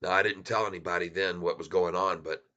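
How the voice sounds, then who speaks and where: A man hosts his channel from home in a folksy, rambling and heartfelt way. His voice sits on the low side yet sounds bright and forceful. He talks straight to his viewers like old friends. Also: steady tone, a little fast, highs cut off. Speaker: channel host. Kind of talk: casual chat to viewers. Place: home in Michigan.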